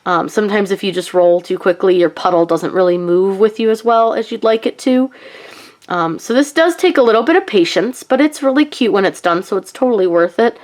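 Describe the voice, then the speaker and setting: A woman's voice: mid-range voice, animated, fairly quick, darkish tone. Chatty woman with a nasal cold voice. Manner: chatty, frequent ums and likes. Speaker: craft channel host. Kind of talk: casual craft tutorial.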